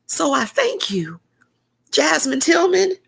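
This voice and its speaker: A woman's voice: high-pitched, wildly swooping pitch, slow, creaky. A woman hosting a podcast interview, speaking with heartfelt, faith-filled encouragement. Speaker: podcast host.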